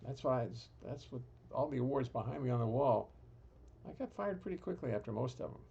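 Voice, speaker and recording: A man's voice: medium pitch, lively intonation, a little fast, creaky, mellow, slightly rough, muffled recording. A man hosting a live stream from his home music studio, chatting casually with dry humor and rambling restarts. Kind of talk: casual chat.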